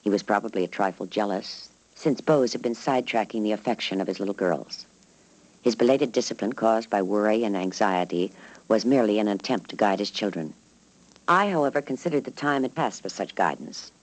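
A man reading a first-person memoir aloud as a narrator, in a measured, even way. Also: on the low side, poor audio. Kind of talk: scripted narration.

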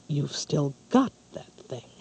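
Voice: mid-range voice, sing-song, slow pace, gravelly, warm tone, slightly rough, heavily acted, rough recording. A narrator voicing a haughty vain prince. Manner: haughty, scornful.

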